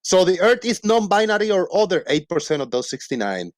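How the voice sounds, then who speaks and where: An upbeat male host reads out poll results with playful emphasis. His voice sits a little high for a man. The sound is dry and close, with no room around it. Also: big pitch swings, fairly quick, no room sound. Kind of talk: casual live-stream hosting.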